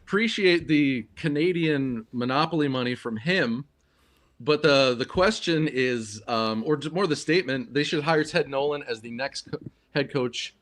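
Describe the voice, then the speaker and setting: A man hosting a casual sports podcast on a livestream, his voice at an ordinary middle pitch. He thinks out loud, stopping and restarting with plenty of ums. The talk is relaxed and conversational. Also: normal speed. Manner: hesitant, lots of ums and restarts. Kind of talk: casual hockey podcast chat.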